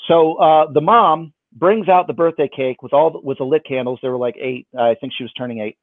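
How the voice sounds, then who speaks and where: Man, magician, animated joking storyteller, fairly high voice, tinny phone-like sound. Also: brisk, no room sound. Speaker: magician, guest. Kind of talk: casual storytelling. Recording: dry, tinny phone-like line.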